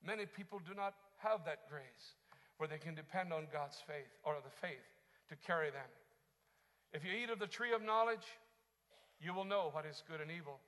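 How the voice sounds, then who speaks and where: A man preaching a sermon as pastor, moving from quiet teaching into impassioned shouting. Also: a little high, moderate pace, big-room sound.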